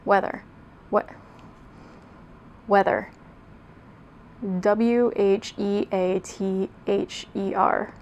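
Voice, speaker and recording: A woman's voice: medium pitch, steady tone, extremely slow, pauses often, darkish tone. A young woman reading her old fan fiction aloud, mocking it with sarcastic, self-deprecating asides and laughing at herself. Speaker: video creator.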